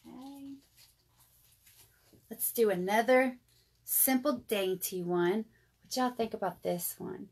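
A woman's voice: on the high side, slightly rough. A woman, chatting through a live jewelry sale and calling her viewers y'all. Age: 30s. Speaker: jewelry seller. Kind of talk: live jewelry sales stream.

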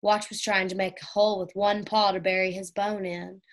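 A woman reading a classic children's chapter book aloud in a gentle, unhurried storytelling manner. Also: mid-range voice, level tone. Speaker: audiobook reader.

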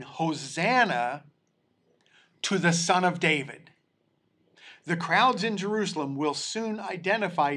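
A man teaching a church Bible study, his voice sitting a little higher than most men's. He reads scripture aloud at an unhurried, deliberate pace, then stops to explain it, often restarting his sentences as he goes. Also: fairly bright tone. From United States. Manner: slow and deliberate, with many restarts.

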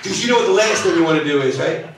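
A middle-aged man doing live stand-up comedy on a theater stage, loud and punchy, talking with the audience. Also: on the high side, expressive, rapid-fire, heavy reverb, distant mic, very noisy. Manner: loud, punchy, crowd-working.

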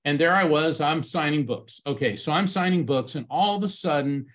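Middle-aged guy giving a talk, storytelling, gets animated acting out voices. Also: a little high, normal speed. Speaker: conference speaker, medium.

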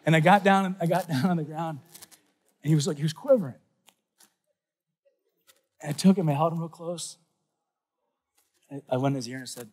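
Lively man preaching to a youth crowd. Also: on the high side, brisk, long pauses, slightly rough. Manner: storytelling with shouted voices and sudden soft asides. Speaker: youth conference speaker. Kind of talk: animated faith talk to a youth crowd. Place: large conference hall.

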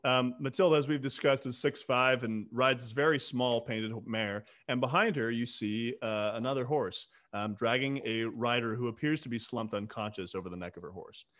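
A man narrating a tabletop role-playing game as game master, relaxed and quick to laugh. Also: mid-range voice.

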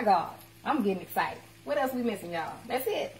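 A woman's voice: mid-range voice, animated, measured pace, hardly any pauses, a little hiss or hum. A woman cooking at home on a live stream, chatting and teasing as she talks to her viewers. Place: home kitchen. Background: clatter of dishes and cutlery.

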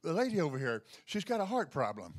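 A man's voice: fairly high pitch, sing-song, a little fast, pitched above the performer's own voice. A man voicing a middle-aged woman who insistently calls out and pleads with him to come pray for someone. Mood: urgent.

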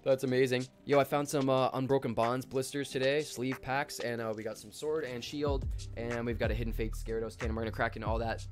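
A young man from Canada hosting a live stream, chatting excitedly in slang and greeting viewers by name. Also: mid-range voice, brisk, soft background music. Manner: hyped, slangy, shouts out chat viewers by name. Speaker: livestream host. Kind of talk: casual live stream chat.

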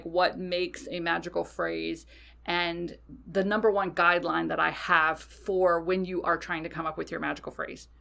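Bright-voiced woman telling a story. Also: fairly low pitch, vocal fry. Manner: animated, swears freely, frequent fillers. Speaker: podcast host. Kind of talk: casual storytelling monologue.

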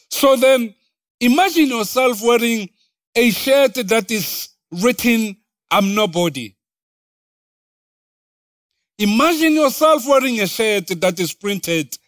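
Woman preacher, unhurried delivery, dry close sound. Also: high voice, no room sound. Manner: deliberate, repeats phrases for emphasis. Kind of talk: sermon.

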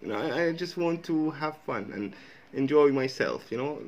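A man from Jordan, a native Arabic speaker, hosts a casual reaction video. He talks in a chatty, rambling way with lots of fillers. His pitch swings widely as he talks. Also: lively intonation, moderate pace, darkish tone, dull audio. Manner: chatty, filler-heavy, breaks into laughter.

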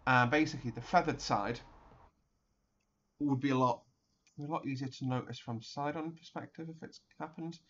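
A man's voice: medium pitch, fairly even intonation, moderate pace, fairly bright tone, dull audio, a little hiss or hum. A young man chatting casually through a flight simulator session, rambling and explaining as he goes. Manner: chatty, rambling, laughs, restarts a lot. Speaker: flight sim streamer. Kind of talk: casual gameplay commentary.

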